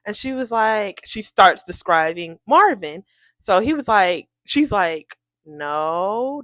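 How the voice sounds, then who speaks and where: A woman telling a storytime tale in an animated, incredulous way, acting out the people she quotes. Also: mid-range voice, slow, dry recording. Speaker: storytime vlogger. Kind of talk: casual storytime.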